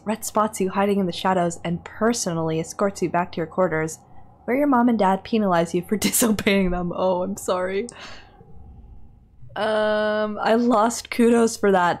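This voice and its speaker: Woman streamer reading a story game out loud; nervous, giggly, breaks into whispers. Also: medium pitch, moderate pace. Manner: excitable and nervous, laughing often, dips into whispers. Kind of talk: reading a text game aloud on a livestream.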